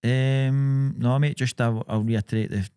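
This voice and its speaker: A man's voice: mid-range voice, steady tone, a little slow, mellow, smooth, no echo, clean studio sound. A young Scottish man co-hosting a podcast, swearing freely in laid-back banter. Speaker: podcast co-host. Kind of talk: casual chat.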